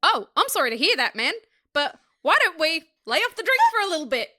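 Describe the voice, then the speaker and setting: A woman voicing a caring young man who is concerned for a drunk friend, speaking slowly and loudly. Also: high voice, big pitch swings, pitched above the performer's own voice, heavily acted.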